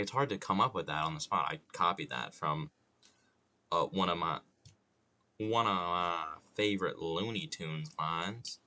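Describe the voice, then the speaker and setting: A man chats casually on a live stream as he carves wood, with a low voice that moves freely up and down. He jokes, swears mildly and mutters to himself at an unhurried pace. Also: bright, forceful tone.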